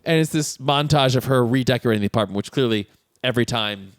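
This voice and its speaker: A man's voice: fast, no room sound, clean studio sound. A man co-hosting a podcast, chatting casually about a film, laughing often and acting out lines. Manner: animated, laughs often, acts out lines in high voices. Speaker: podcast co-host. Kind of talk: casual chat recapping a film.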